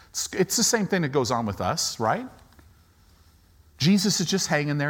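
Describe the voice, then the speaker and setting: A middle-aged man preaches with a raised, animated voice. He slips into characters, dropping low and quiet for one, then climbing high and loud for another. It is a dramatic sermon. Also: normal speed. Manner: dramatic, acts out Bible characters with swinging pitch. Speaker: pastor.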